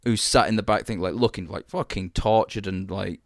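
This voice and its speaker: A man's voice: lowish voice, moderate pace, dry recording, studio quality. A man, chatting casually and enthusiastically about a TV series as podcast co-host, rambling and swearing freely.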